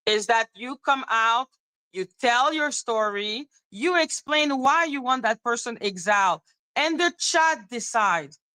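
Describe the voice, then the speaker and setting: A woman hosting a livestream, talking straight to her chat in an animated, repetitive rant broken up by laughter. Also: fairly high pitch, a little slow, no room sound, poor audio. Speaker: livestream host.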